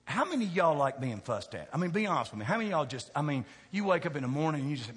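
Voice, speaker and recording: A man preaching a sermon, talking with the crowd in a chatty way, asking questions, going from quiet to loud. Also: on the high side, very animated, rapid-fire, hardly any pauses, husky. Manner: conversational preaching, asks the crowd questions, swings from soft to shouting. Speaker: pastor. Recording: long hall reverb.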